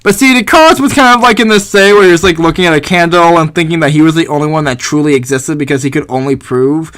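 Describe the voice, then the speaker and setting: A grand, all-knowing arbiter in a game, voiced by a man. He speaks in a measured, solemn way, lowering his tone for weighty statements. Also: a bit bright, close to an everyday voice.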